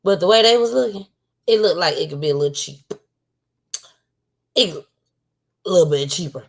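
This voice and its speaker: A woman's voice: on the low side, lively intonation, moderate pace, vocal fry. Outspoken woman hosting a livestream. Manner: outspoken, emphatic, repeats herself for emphasis. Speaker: livestream talk show host. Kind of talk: casual commentary livestream.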